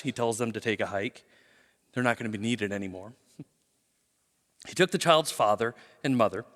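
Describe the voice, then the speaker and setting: A middle-aged man preaching a sermon in a lively storytelling way, with jokes and acted quotes. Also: mid-range voice. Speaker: pastor. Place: large church auditorium. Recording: long hall reverb.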